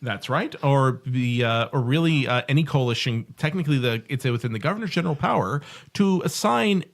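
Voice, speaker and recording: A man's voice: mid-range voice, animated, a little fast. A Canadian man co-hosting a podcast, chatting casually in a rambling, joking, self-correcting way. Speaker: podcast co-host. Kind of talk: casual chat.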